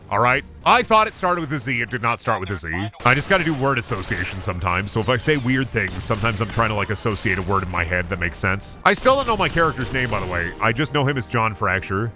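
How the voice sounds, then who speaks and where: Animated, swearing streamer riffing over game. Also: male voice, on the low side. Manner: jokey, profane, riffing rambles. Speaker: gaming streamer. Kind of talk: casual gameplay commentary.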